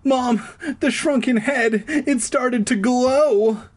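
A man voicing a scared, excitable young boy with a high, shrill voice, reading a storybook aloud. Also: slow, heavily acted. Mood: frantic. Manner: frantic, pleading.

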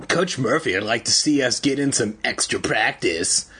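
A man's voice: medium pitch, lively intonation, moderate pace, bright, forceful tone, husky, heavily acted. A man voicing a jeering teen bully sidekick. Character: loutish teenage bully sidekick.

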